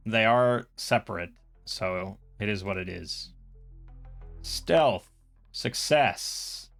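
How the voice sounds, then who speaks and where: A man's voice: lowish voice, a bit bright. A man playing a solo tabletop role-playing game, reading out rules and rolls and thinking aloud in a casual way.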